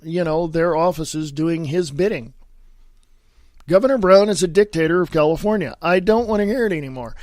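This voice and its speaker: A man hosting a solo political podcast, reading news headlines aloud with sarcastic asides and repeating himself, often coughing and clearing his throat. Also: fairly high pitch, a little mellow, dry recording, clean studio sound. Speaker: podcast host.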